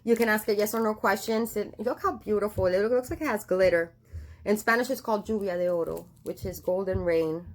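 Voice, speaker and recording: A woman's voice: mid-range voice, brisk. A woman giving a casual tarot reading, chatty and affectionate, with many fillers and restarts. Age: adult with a daughter. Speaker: tarot reader.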